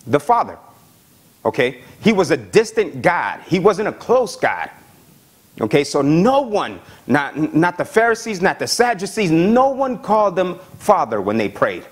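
A man preaching a sermon as pastor, reading scripture and often asking the congregation "amen?" and "right?". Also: mid-range voice. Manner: animated preaching, frequent "amen?" and "right?" checks.

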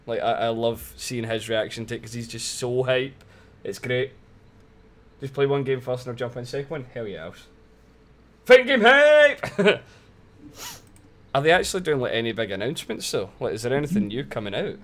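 A man's voice: mid-range voice, fairly quick. A young man chatting casually on a live game stream, laughing often and swearing freely.

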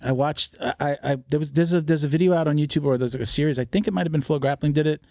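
A man's voice: on the high side, very fast, a little mellow, dry recording, studio quality. A man hosting a podcast, chatting casually with lots of restarts and frequent laughter. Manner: rambling, many restarts, laughs often. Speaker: podcast host. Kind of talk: casual interview chat.

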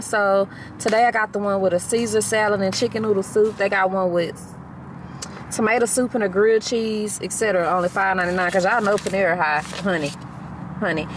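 A woman's voice: medium pitch, noisy background. A woman with a Southern country accent chatting bluntly and jokingly in a casual vlog from a parked car, eating while she talks. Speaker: vlogger.

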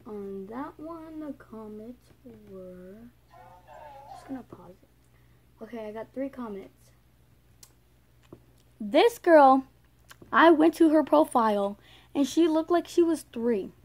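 Female vlogger, slightly high voice; casual, rambling, indignant rant to camera. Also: animated, slow pace, long pauses, a little mellow, a little hiss or hum. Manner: indignant, rambling, talks straight to viewers.

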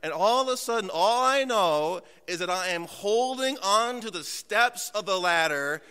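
A man preaching a sermon as pastor from a church pulpit, telling humorous, self-mocking stories and dropping to slow, hushed emphasis. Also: sits high, expressive, clear, resonant tone. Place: church sanctuary. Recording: long church hall reverb.

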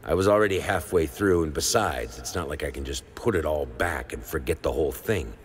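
A man's voice: rumbling low, brisk, a little hiss or hum. A man voicing an obsessive painter in a video game, narrating his memories as a brooding, hesitant inner monologue. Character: haunted, obsessive painter recalling his descent.

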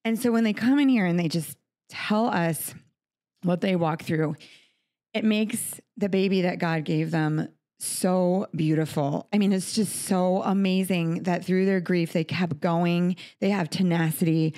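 A woman host speaks in a heartfelt, earnest way in a studio conversation. Her voice sits a little low for a woman. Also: unhurried, dark tone. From United States. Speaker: podcast host. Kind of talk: emotional interview conversation. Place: recording studio.

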